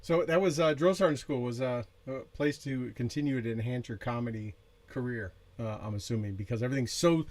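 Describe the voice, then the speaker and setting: A man's voice: medium pitch, a little fast, a little mellow. A man hosting a podcast interview, asking loose questions with many restarts. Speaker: podcast host. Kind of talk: casual interview.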